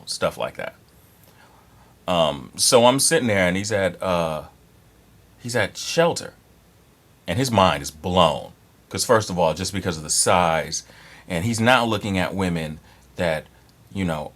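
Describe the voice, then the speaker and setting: Man in his thirties, low voice, blunt and profane, rambling casual talk, lots of fillers. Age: 30s. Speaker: dating advice vlogger. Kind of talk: casual monologue to camera.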